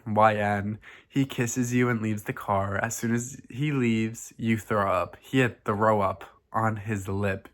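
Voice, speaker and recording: A man reading a silly fan fiction aloud for his vlog, in a deadpan, mock-dramatic way. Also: lowish voice. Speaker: vlogger.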